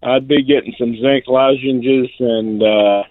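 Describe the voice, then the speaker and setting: An eager male caller speaks at a middle pitch over a tinny phone line. He repeats himself as he gets going, and the sound is dry. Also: steady tone, slow, no echo. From Texas. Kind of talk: call-in radio conversation.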